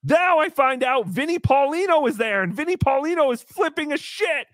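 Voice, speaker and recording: A man with a high voice that swings up and down a lot, telling a story in an animated, exasperated way with plenty of swearing. He is hosting a live show, recorded dry and close. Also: normal speed, dry recording. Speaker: podcast host. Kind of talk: casual storytelling on a live stream.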